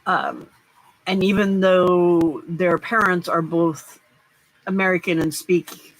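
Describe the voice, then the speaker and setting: A woman's voice: fairly low pitch, steady tone, slow, a little hiss or hum, low-quality recording. A middle-aged woman hosting a casual live stream, chatting and rambling as she crafts and answers viewers' comments. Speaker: livestream host.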